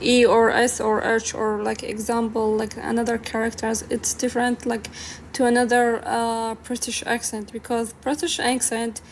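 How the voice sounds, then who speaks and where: Woman, Arabic native, fairly high voice, hesitant English, filler-heavy, casual interview guest. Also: a little hiss or hum.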